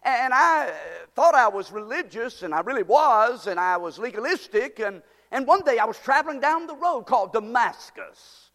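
A man's voice: extremely high pitch, expressive, moderate pace, few pauses, voice pushed up. A man preaching as a fervent apostle. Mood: earnest. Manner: impassioned, rising to shouts. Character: fervent male apostle retelling his conversion. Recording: long hall reverb.

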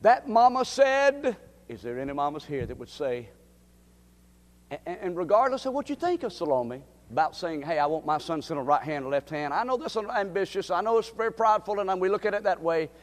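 Preacher swinging from hush to shout. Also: male voice, high voice, sing-song, a little fast, long reverb tail. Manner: dramatic swings from hushed to shouting. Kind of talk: sermon.

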